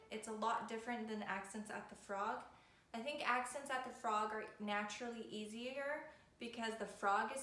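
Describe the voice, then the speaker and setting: A woman's voice: a little high, a bit bright. A woman violin teacher giving a patient, step-by-step video lesson. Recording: echoey room with faint noise.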